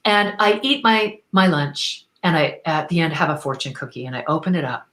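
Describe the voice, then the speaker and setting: A woman from Canada, a guest on an interview show, telling a personal story in an enthusiastic, expressive, spiritual way. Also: low voice, normal speed, echoey room, rough recording.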